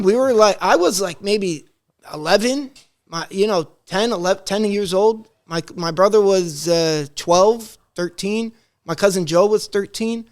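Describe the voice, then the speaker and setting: Podcast guest, male, high voice, animated storyteller who voices everyone in his anecdotes. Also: measured pace. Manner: animated, acts out quoted dialogue; rambling with many restarts. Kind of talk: casual storytelling.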